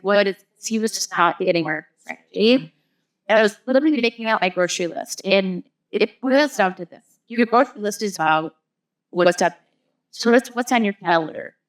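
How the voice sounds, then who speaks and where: A woman, a guest on an interview show, explaining her ideas through long everyday analogies with frequent "like" and "you know". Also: medium pitch. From US Midwest. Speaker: guest, marketing business founder. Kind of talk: casual interview chat.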